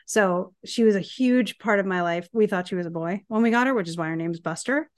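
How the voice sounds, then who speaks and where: A woman's voice: medium pitch, a little fast, no room sound, studio quality. A woman in her thirties co-hosting a podcast, telling a story in a chatty, rambling way with asides. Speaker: podcast co-host. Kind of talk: casual chat, storytelling.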